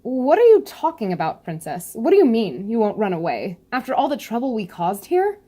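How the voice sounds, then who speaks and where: A woman's voice: on the high side, very animated, brisk, warm tone, voice pushed up. A woman voicing an anxious male guide from a comic, reading his lines in a pleading, raised voice. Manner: read-aloud comic dub, pleading.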